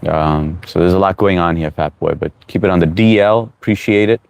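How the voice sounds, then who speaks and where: A man with a low, deep voice hosts a relaxed live stream, greeting viewers one by one and reading their comments aloud. His talk is casual and encouraging, like advice from a friend. The sound is dry and close, with little room echo. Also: brisk, vocal fry.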